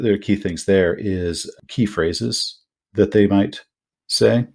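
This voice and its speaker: A man co-hosting a podcast, chatting casually about running tabletop horror games, animated and full of asides. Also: fairly low pitch, takes it slowly, creaky. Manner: animated, rambling with many asides. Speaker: podcast co-host.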